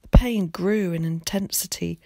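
A woman teacher reading a children's novel aloud in an expressive, measured storytelling voice. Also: fairly low pitch, creaky, dry recording, studio quality. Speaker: primary school teacher.

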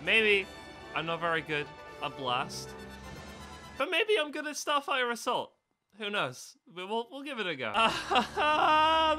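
Excitable high-voiced young man swearing at a game. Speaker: gaming video host. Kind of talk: casual gameplay commentary.

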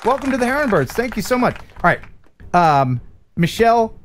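Joking animated male live-stream host. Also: high voice, moderate pace, slight background noise. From USA. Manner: joking, animated, reads viewer messages.

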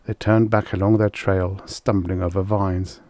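A man narrating a vintage science fiction short story in a steady, measured way. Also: sits low, no echo. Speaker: audiobook narrator. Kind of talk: vintage sci-fi audiobook narration.

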